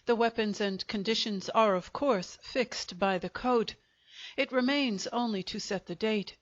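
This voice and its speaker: A woman's voice: a little high, measured pace, natural voice. A woman voicing a pompous middle-aged male town butcher acting as a formal second, on a dull lo-fi recording.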